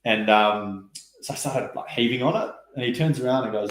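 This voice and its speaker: Guy chatting relaxed about racing stories, lots of "like" and "sort of", roomy sound. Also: mid-range voice, normal speed. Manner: relaxed, chatty, many fillers and quoted asides. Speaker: guest rower. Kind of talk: casual interview storytelling. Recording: roomy echo.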